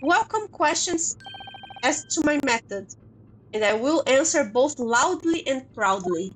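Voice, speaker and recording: A woman's voice: sits high, very animated, measured pace, slight background noise, rough recording. A woman voicing a boastful, grandiose male detective as she reads game dialogue aloud. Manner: grandiose, theatrical.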